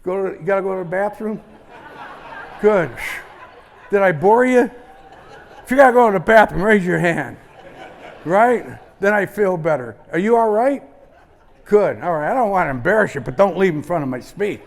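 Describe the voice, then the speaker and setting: A gravelly older man with a high-set voice gives a motivational keynote on a conference stage. He tells his story in short, punchy bursts, drops to hushed asides, then jumps to loud outbursts to fire up the room. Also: animated, normal speed, long pauses, some chatter behind. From Indiana. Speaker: motivational speaker. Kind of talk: keynote speech. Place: conference stage before a live audience.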